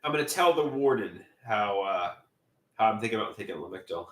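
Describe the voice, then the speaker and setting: A man's voice: fairly low pitch, expressive, fairly bright tone, reverberant. Stammering man on a live stream. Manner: halting and repetitive, stammers and restarts often. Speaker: livestreamer. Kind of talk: live stream chat, reading viewer comments.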